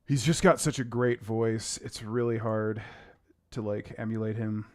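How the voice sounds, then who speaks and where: A man's voice: fairly low pitch, fairly even intonation, a little slow. A young man giving casual, rambling gameplay commentary as a streamer, humming and scatting to himself between thoughts. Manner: chatty, rambling, hums and scats to himself. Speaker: game streamer. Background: game music.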